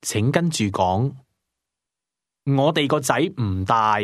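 A man giving careful, deliberate model pronunciation for a language course. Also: mid-range voice, animated, no room sound, clean studio sound. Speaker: native speaker model voice.

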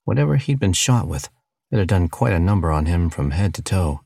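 Deep, husky man narrating a story. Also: brisk, dry recording, clean studio sound. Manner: steady storytelling delivery. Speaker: audiobook narrator. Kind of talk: scripted narration.

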